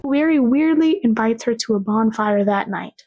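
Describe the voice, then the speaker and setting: A young woman chats through a TV series in casual video commentary. She is dramatic and sarcastic, and she gushes over the scenes she loves. Her voice sits a bit higher than most women's. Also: lively intonation, moderate pace, a little mellow. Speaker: TV show commentator.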